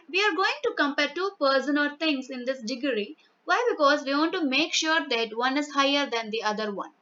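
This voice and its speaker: A woman's voice: high-pitched, pushed and bright. A woman with an Indian English accent teaching a grammar lesson, patiently repeating each example word by word. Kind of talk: explaining a grammar lesson over slides. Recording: dull lo-fi sound.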